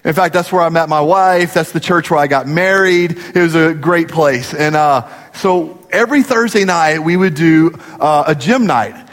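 A man preaching a sermon, telling stories animatedly and dropping low for serious points. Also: moderate pace. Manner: animated storytelling, rising to emphatic peaks and dropping low for gravity. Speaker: pastor. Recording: long hall reverb.

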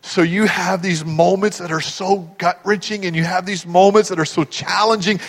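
A middle-aged male pastor preaching a sermon, swinging from hushed, tender asides to loud, rising build-ups. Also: high voice, steady tone, normal speed, long reverb tail.

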